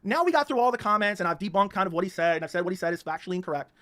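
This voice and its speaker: Hosting his own YouTube channel, a man with a Baltimore accent launches into a heated, mocking rant and keeps repeating himself. His high voice is pushed and bright, rapid-fire, with lively intonation.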